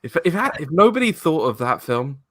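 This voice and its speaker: Animated, bright-voiced man hosting a live stream. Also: on the high side, moderate pace, dry recording. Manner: enthusiastic, acts out movie quotes loudly. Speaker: host. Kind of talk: casual live-stream chat.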